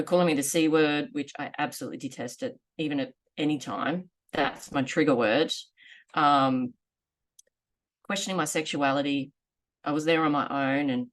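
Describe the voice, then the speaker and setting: A woman in her forties telling a personal story in a candid, earnest, measured way. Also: sits low. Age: 40s. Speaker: vlogger sharing lived experience.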